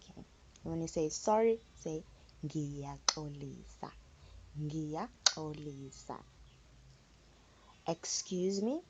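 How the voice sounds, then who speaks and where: A woman teaching phrases patiently in a relaxed spoken lesson, repeating words for learners. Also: sits low, gravelly, a little hiss or hum. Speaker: language teacher. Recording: dull lo-fi recording.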